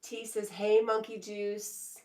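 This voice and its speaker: A woman casually chatting on a live stream, reading viewers' comments aloud in a relaxed way and laughing often. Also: medium pitch, slow pace, far from the mic. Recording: echoey room, voice a bit off mic.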